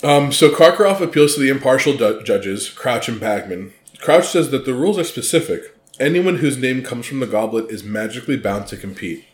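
A man co-hosting a podcast, talking casually and reading aloud from a book. His voice sits at a middle pitch. He stumbles and restarts now and then, and the room around him is echoey. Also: lively intonation, fairly quick. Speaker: podcast co-host.

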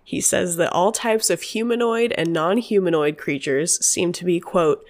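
A woman's voice: on the low side, normal speed, few pauses. A woman co-hosting a podcast, telling a story in casual chat and swearing now and then. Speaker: podcast co-host.

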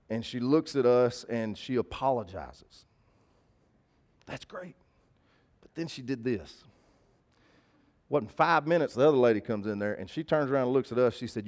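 A male pastor delivers a sermon in a lively, conversational way. He leans into emphatic repetition. His voice sits at an ordinary middle pitch for a man. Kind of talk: sermon with personal storytelling.

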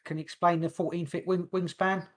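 A man's voice: sits high, little pitch movement, a little fast. A man co-hosting a podcast in casual chat, rambling and joking, tripping over names. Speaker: podcast co-host.

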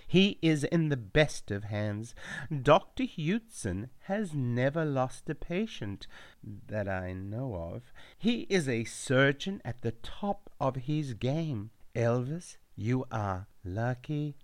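A man voicing a calm, softly insistent female pop star in a spoken story, his delivery hushed and quietly smug. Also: mid-range voice, slow pace, no room sound, voice pushed up.

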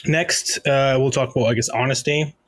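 A man's voice: mid-range voice, fairly even intonation, moderate pace, fairly bright tone, no echo. A man co-hosting a casual book discussion, chatty and laughing often between remarks. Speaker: podcast co-host.

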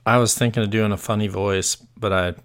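A man's voice: on the low side, steady tone, a little fast, a bit bright, smooth. Upbeat American man hosting a podcast. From born on an army base in the US. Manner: upbeat, laughs easily. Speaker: podcast host. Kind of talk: casual chat.

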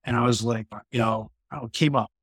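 Husky middle-aged guy from new york, chatty, keeps restarting, dry close sound. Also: mid-range voice, fairly even intonation, normal speed, no echo, poor audio. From New York, USA. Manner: conversational, frequent restarts and "you know" fillers. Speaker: podcast guest. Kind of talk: casual personal storytelling.

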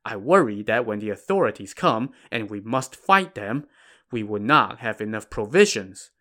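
A man voicing a calm, shrewd male bandit strategist who speaks in a measured way, in a narrated story podcast. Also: on the low side. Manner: measured, deliberate.

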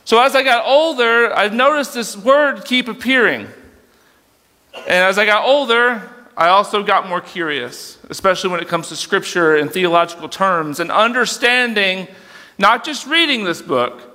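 A young man gives a sermon as youth pastor in a large hall, with a sharp tone and high pitch. His delivery is loose and conversational, full of fillers and self-corrections, and reading aloud is hard for him because of dyslexia.

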